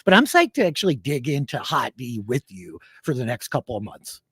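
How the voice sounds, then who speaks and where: A man co-hosting a casual podcast, talking enthusiastically and quickly about a television series. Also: medium pitch, husky, no room sound, studio quality. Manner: enthusiastic, fast plugs and excited asides. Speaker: podcast co-host.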